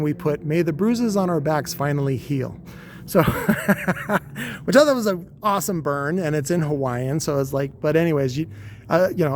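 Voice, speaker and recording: Man, 40s, casual podcast storyteller, rambling, profane, wry, slightly high voice. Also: a little hiss or hum. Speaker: podcast host.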